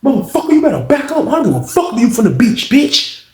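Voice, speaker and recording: A man voicing a menacing, out-of-control older male inmate who yells and curses in a high, strained voice. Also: fairly even intonation, quick pace. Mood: furious. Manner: yelling and cursing, high and strained. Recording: roomy echo.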